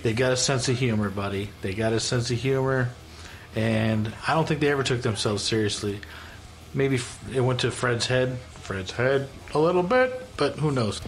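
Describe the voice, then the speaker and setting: A man ranting casually and enthusiastically on camera, in a voice of middle pitch. He gushes emphatically and swears without a second thought. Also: moderate pace. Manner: emphatic, gushing, swears freely. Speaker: YouTuber.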